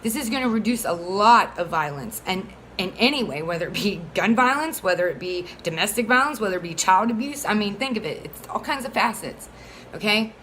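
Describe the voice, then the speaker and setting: A woman's voice: medium pitch, expressive, a little fast, fairly bright tone, a little hiss or hum, poor audio. A woman speaking as a single mother, pleading earnestly for support of a bill in a rambling, heated way full of fillers. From Florida. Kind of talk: casual advocacy monologue.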